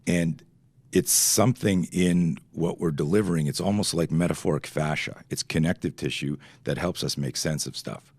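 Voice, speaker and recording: A middle-aged man from Canada, a self-defense instructor telling stories as a podcast guest, animated and swearing freely while acting out quoted dialogue. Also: low voice, normal speed, breathy edge, no room sound. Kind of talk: podcast interview storytelling.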